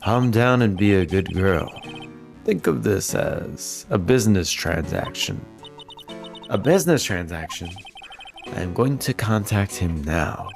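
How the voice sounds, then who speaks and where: A man voicing a calm, menacing male assassin who speaks slowly and businesslike. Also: lowish voice, gravelly, over music. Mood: cold.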